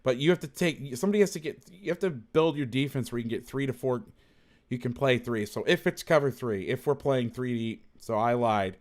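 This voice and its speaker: A man's voice: mid-range voice, brisk. Blunt man breaking down football film. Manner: blunt, thinks aloud, self-correcting, salty language.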